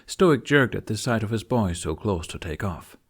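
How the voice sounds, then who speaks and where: A man narrating a fantasy audiobook in an expressive storytelling style. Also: lowish voice, normal speed, husky. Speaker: audiobook reader.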